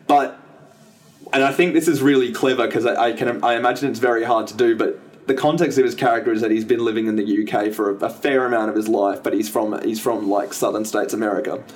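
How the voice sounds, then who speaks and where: Fast and steady in tone, a medium-pitched man co-hosts a podcast, talking casually about a film. He rambles, restarting and correcting himself many times.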